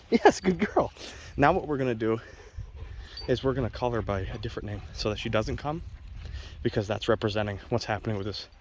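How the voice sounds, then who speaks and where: A man's voice: on the low side, a little hiss or hum. A man, a dog trainer, giving blunt, opinionated casual commentary to viewers while walking outdoors. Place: outdoors on a wet walk with his dog.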